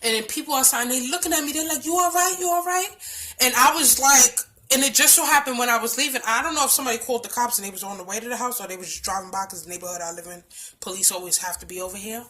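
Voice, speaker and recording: A woman with a Bronx New York accent telling a personal story in a casual vlog, blunt and emphatic, with lots of swearing, swinging from hushed to loud. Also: fairly high pitch, rapid-fire. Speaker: storytime vlogger.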